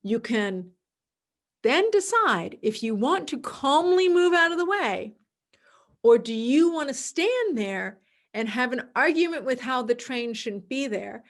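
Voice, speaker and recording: Woman, podcast host, high-pitched, calm explanatory talk, solo podcast. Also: measured pace. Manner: acts out quoted voices in a dramatic, excited tone; calm, explanatory, repeats key words.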